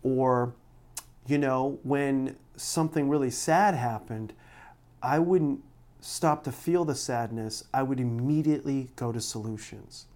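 A man's voice: medium pitch, a little slow, darkish tone. A middle-aged man, a pastor preaching a sermon, telling personal stories in an earnest, emotional way with frequent restarts.

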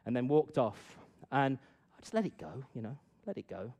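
A middle-aged man telling a personal story to an audience and drawing a lesson from it, swinging from loud bursts to hushed asides. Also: medium pitch, sing-song, normal speed. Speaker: speaker addressing an audience. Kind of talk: storytelling talk with a moral.

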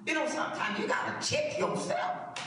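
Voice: sits high, wildly swooping pitch, moderate pace. A preacher delivering a sermon with emphatic repetition and call-and-response, heard in a church sanctuary. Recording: echoey hall, distant mic, faint noise.

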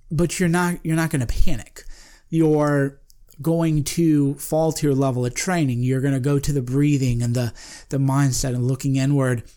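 A man's voice: fairly high pitch, a little mellow. A man hosting a podcast, talking in a casual, emphatic monologue that often breaks off and repeats phrases. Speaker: podcast host.

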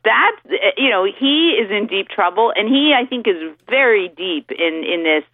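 A woman commentator talks fast and freely, full of "you know" and "I mean", laughing easily. She calls in over a thin, tinny phone line with a dry, close sound. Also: mid-range voice, expressive, no room sound. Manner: talkative, hesitant fillers, laughs easily. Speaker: legal commentator guest. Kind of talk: casual political talk radio.

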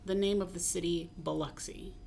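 A woman from the American South co-hosting a podcast in casual, halting talk with many ums and a wry edge. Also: on the low side, steady tone, gravelly, darkish tone, slight background noise. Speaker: podcast co-host. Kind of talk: casual chat.

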